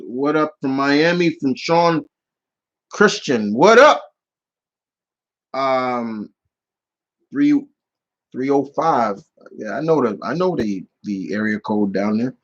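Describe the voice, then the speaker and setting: A man's voice: medium pitch, muffled recording. A man casually answering viewer questions on his channel, rambling with many restarts and fillers. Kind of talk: casual live Q&A chat.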